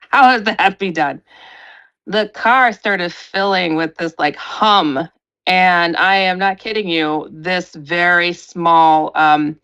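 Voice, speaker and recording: A middle-aged woman, a paranormal researcher and radio host, telling a story in an animated way, acting out quotes with big jumps in pitch. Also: dull audio.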